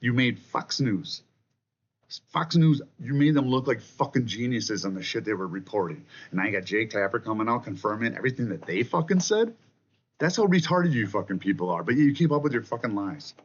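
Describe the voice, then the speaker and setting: A man's voice: medium pitch, very animated, a little fast, lo-fi sound, slight background noise. A man venting to his camera in an angry, profane political rant, jabbing "okay?" at the viewer. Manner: profane, combative, repeats "okay?" often. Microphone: camera mic.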